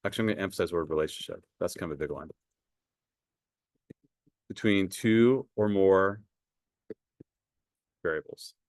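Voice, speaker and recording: Low-voiced man teaching a math class. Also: normal speed, pauses often, darkish tone, no room sound, studio quality. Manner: conversational, asks the class questions, repeats words. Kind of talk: classroom lecture.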